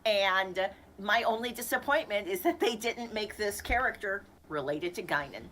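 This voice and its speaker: A woman co-hosting a casual livestream chat, animated and laughing often between quick asides. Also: medium pitch, slight background noise. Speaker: co-host.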